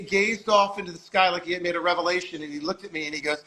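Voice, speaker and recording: A man's voice: sits high, steady tone, fast talker, hardly any pauses, bright, forceful tone, low-quality recording. A man of about sixty telling long, rambling anecdotes and acting out the voices of people he quotes, speaking in an agency office. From Long Island, New York. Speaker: guest storyteller.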